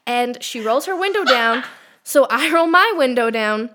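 A young woman co-hosting a podcast, telling a story in a casual, animated way, swearing and laughing often. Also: high voice, moderate pace, noisy background. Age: young adult. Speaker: podcast co-host.

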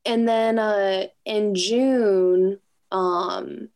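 A woman's voice: mid-range voice, steady tone, drawn-out words, a little mellow. A woman musician chatting in an interview, talking loosely with lots of fillers and frequent laughs. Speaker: musician guest. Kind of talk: casual interview chat.

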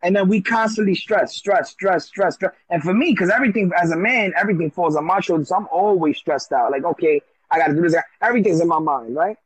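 A man's voice: sits high, fast, hardly any pauses, slightly rough, dry recording. A man telling stories in casual chat, slangy and profane, on a dull, dry lo-fi recording. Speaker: show participant.

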